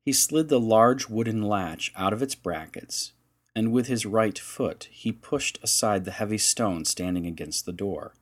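A man narrating an audiobook chapter in slow, dramatic storytelling. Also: fairly low pitch. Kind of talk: scripted narration.

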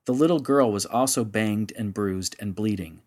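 Low-voiced man narrating a story. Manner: measured, steady storytelling. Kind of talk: audiobook narration.

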